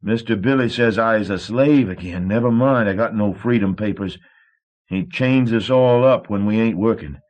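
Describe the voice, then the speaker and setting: A man voicing a gentle older male cook who speaks in a plain rural dialect. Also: lowish voice, normal speed, voice pushed up, lightly acted. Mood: steady. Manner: plain southern rural dialect, simple phrasing. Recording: dull old cassette tape.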